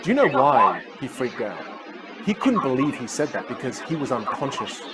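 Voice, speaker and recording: A man teaching a live online communication masterclass, energetic and full of storytelling. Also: medium pitch, normal speed, a crowd in the background, background noise. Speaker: communication coach.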